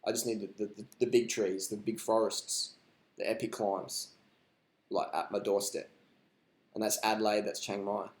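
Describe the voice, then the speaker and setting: A man's voice: lowish voice, level tone, normal speed. Man, blunt and sweary, rambling live stream chat, echoey room. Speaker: live stream host answering viewer questions.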